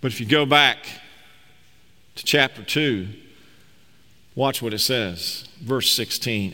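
A man's voice: medium pitch, slow pace, pauses often, pushed and bright. A man preaching a sermon as pastor, reading scripture aloud and explaining it with emphatic, rising delivery. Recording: long reverb of a large hall.

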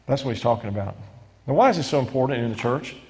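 A man's voice: medium pitch, quick pace, husky. Man preaching in an echoing hall. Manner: animated preaching with frequent restarts. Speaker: pastor. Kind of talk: sermon. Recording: long hall reverb.

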